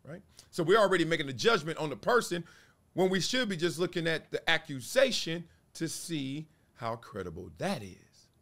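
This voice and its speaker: A man in his forties hosting a casual commentary show, talking in an animated way and acting out little quotes. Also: on the high side. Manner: animated, acts out voices and quotes. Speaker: show host.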